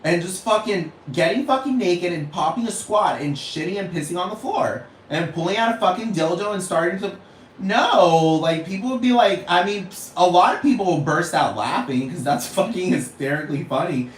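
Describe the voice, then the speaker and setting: A man on a profane, animated comedic rant with a fairly high voice, breaking into laughter often. The room gives his voice a clear echo, with faint noise underneath. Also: moderate pace. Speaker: vlogger.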